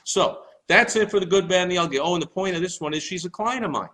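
A man's voice: high voice, quick pace, fairly bright tone, rough recording. A middle-aged man talking casually to the camera from a room in his home, chatty and enthusiastic, rambling with fillers as he shows his mail. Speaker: marketing vlogger.

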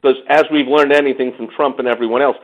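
A man hosting a talk show, telling stories in a lively, chatty way and acting out other people's voices when he quotes them. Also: medium pitch, fast talker, lo-fi sound. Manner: animated storytelling, mimics others in quotes. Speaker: podcast host. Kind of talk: casual chat.

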